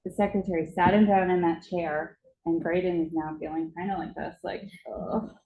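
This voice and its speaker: A woman's voice: fairly low pitch, steady tone, moderate pace, roomy sound, narrow, tinny audio. A woman speaking at a conference, telling a vivid story about a child and acting out its moments. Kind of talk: storytelling presentation. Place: conference hall.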